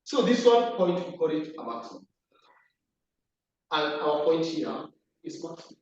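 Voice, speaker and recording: A man's voice: fairly high pitch, sing-song, unhurried, darkish tone, a little hiss or hum. A man teaching a maths class at the board, repeating key terms and asking the class questions. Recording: echoey room, distant lo-fi mic.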